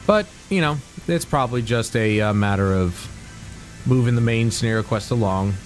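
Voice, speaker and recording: A man's voice: medium pitch, moderate pace, soft background music. A man streaming a video game, chatting casually and thinking aloud about the story and quests. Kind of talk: casual gameplay commentary.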